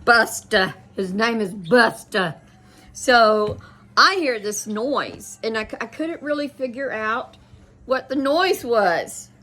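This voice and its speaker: A woman's voice: fairly high pitch, animated, takes it slowly, pushed and bright. A middle-aged woman who hosts a casual chat, telling a rambling story full of quoted dialogue. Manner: chatty, rambling, with many restarts and quoted dialogue. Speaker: host.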